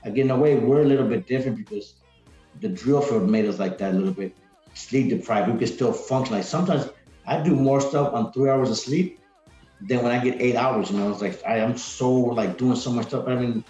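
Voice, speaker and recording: A podcast guest chats casually and energetically, rambling with lots of "like" and "man." His medium-pitched voice is brisk and warm, with faint music behind and a roomy, dull lo-fi sound.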